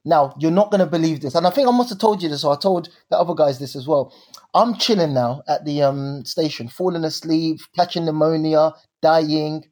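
A young man with a notably high voice and a husky edge tells a story in casual chat. He is animated and slangy, and he plays up the drama of every turn. His delivery stays loose and lively. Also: brisk.

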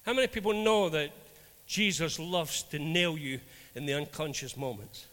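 A man's voice: a little high, moderate pace, big-room sound. A Scottish man preaching as a minister, telling stories animatedly and acting out the dialogue. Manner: animated, acts out dialogue in anecdotes. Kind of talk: storytelling sermon.

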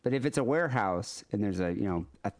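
A man co-hosting a podcast in casual chat, dry and quizzical, quick to correct terms. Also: fairly low pitch, expressive. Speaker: podcast co-host.

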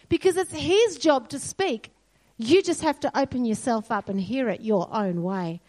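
A woman giving a sermon in a church hall, earnest and storytelling. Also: fairly high pitch. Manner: earnest, storytelling, quotes God softly. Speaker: church speaker.

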